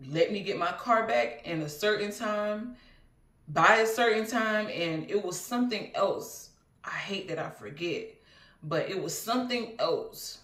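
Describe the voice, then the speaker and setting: A woman's voice: mid-range voice, fairly bright tone. A woman casually telling a personal story as a vlogger, in a rambling, earnest way with many fillers and asides. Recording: roomy, mic at a distance.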